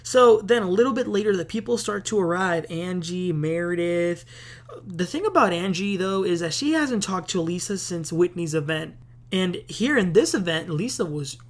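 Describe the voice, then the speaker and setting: A woman hosting a casual TV recap, chatty and opinionated, with plenty of filler words. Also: fairly low pitch. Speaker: host.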